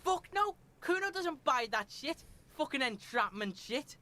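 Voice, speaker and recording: Woman voicing a street kid boy, Liverpool accent, foul-mouthed, swaggering, third-person taunts, high voice. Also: very animated, measured pace, bright, forceful tone, no room sound, exaggerated voice. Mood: taunting. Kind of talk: video game voice acting.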